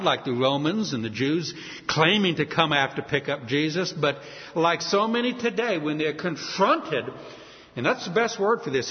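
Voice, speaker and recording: Animated preacher man in an echoey hall. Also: fairly high pitch. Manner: emphatic, rhetorical questions, dramatic swings in loudness. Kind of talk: sermon. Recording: dull, echoey hall sound.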